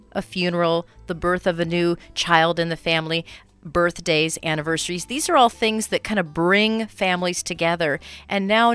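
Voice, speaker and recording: A woman radio host interviewing a guest, speaking in a measured, steady way. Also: fairly low pitch, smooth.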